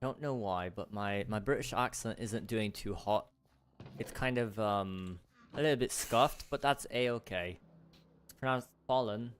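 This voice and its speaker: A man with a lowish, clean-toned voice chats casually and a little slowly with his livestream viewers. He rambles on in a chatty way, poking fun at himself.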